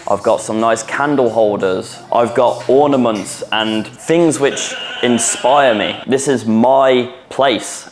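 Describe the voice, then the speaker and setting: A man in his twenties talks straight to camera from his apartment, delivering an intense motivational monologue for young men. His voice sits a little low, and his talk is blunt and full of swearing. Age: 20s. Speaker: self-improvement vlogger.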